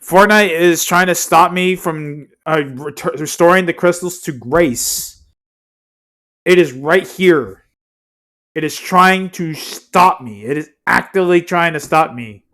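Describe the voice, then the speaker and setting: A man's voice: a little high, a little slow, a bit bright. A young man streaming live, chatting casually in rambling asides that often correct themselves.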